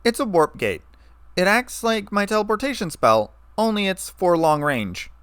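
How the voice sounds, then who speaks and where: A man voicing a studious, fussy young female pony who explains briskly and grows impatient, in a storybook reading. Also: high voice, sing-song, a bit bright, clean tone, no echo, voice pushed up.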